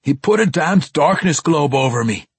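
A gruff old dwarf, hot-tempered and frantic, bellowing at high pitch and full volume, as an audiobook narrator puts him on. The voice is husky and close, with a dry sound. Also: male voice, unhurried, no echo, exaggerated voice. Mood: grumbling outrage. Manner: yelling hoarsely in alarm.

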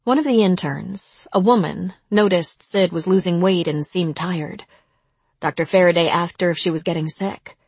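A woman narrating an audiobook in a measured, somber way. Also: fairly low pitch, a little mellow, husky, no room sound.

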